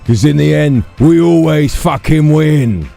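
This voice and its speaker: A man playing a brash, shouting Cockney cop. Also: fairly high pitch, lively intonation, measured pace, creaky, soft background music, voice pushed up, exaggerated voice. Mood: rallying. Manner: rousing, brash, swearing. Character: loud swaggering police officer rallying his crew.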